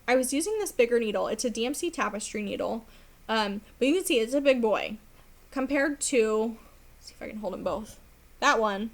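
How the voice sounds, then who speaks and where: A rambling, chatty young woman talks to her camera at home in a fairly high voice. She fills her speech with ums and little laughs, and her voice is wearing thin as if she's losing it. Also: lively intonation, fairly quick. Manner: chatty, rambling, laughs often, many fillers. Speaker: cross stitch vlogger. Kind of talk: casual chat.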